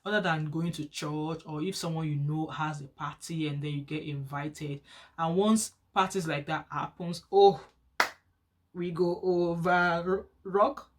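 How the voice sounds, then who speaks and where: Chatty Nigerian woman vlogger. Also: normal speed. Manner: chatty and animated, rising higher when excited. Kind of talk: casual chat to camera.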